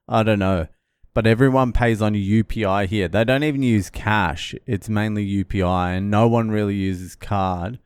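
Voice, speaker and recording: Profane, low-voiced man telling a story. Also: smooth, no room sound. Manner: swearing, animated storytelling. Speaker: vlogger. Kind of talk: casual storytelling vlog.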